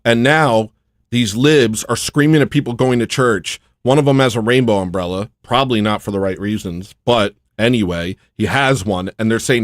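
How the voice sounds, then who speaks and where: A man's voice: lowish voice, moderate pace, no echo, clean studio sound. A man hosting a casual livestream, ranting and mocking in a brash, loose way. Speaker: livestream host.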